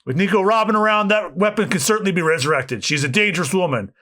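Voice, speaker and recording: A man co-hosting a podcast, reading a manga aloud with asides, in an animated way. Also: high-pitched, fast. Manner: animated, reads with asides and laughs. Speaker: podcast co-host.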